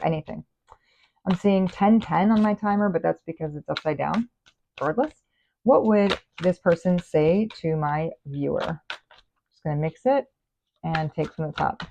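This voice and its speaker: A woman's voice: lowish voice, gravelly, warm tone, a little hiss or hum. A woman giving a casual tarot reading, chatty and rambling as she talks straight to the viewer. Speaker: tarot reader. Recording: phone-like narrow sound.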